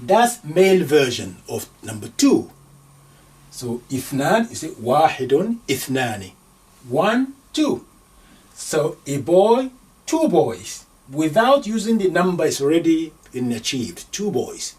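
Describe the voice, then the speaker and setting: A man teaching an Arabic grammar lesson, slowly sounding out words syllable by syllable as he writes them. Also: fairly high pitch, big pitch swings, a little mellow, distant mic. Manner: slow, deliberate, sounding out syllables.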